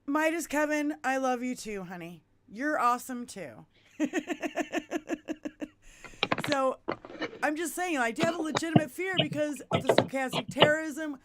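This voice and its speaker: A brash woman hosts a casual political chat, cursing freely and speaking her mind. Her voice sits a little high for a woman. She talks with her lips right on a musician's mic in a home studio. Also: moderate pace, long pauses, slight background noise. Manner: loud, blunt, heavy swearing. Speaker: podcast host. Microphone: musician's mic held close.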